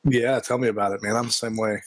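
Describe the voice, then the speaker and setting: A man's voice: fairly low pitch, fairly even intonation, fast talker, no room sound. A man hosting a casual podcast interview, friendly and joking. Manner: friendly, joking, laughs easily. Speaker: podcast host.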